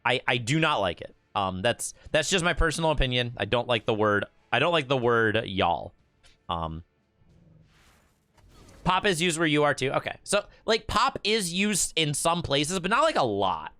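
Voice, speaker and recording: Bright-voiced Michigan man streaming. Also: mid-range voice, big pitch swings, normal speed, smooth, no room sound. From Michigan, USA. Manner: chatty, stammers and repeats words. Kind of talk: casual gameplay streaming chat.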